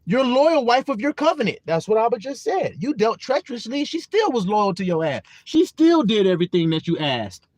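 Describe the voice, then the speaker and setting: A male preacher delivering a sermon in an animated, emphatic way with casual profanity. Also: extremely high pitch, brisk, hardly any pauses, no echo.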